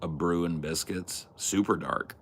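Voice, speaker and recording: A man's voice: low-pitched, unhurried, slight background noise. A man hosting a podcast in casual chat, joking and swearing with a self-mocking tone. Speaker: podcast host.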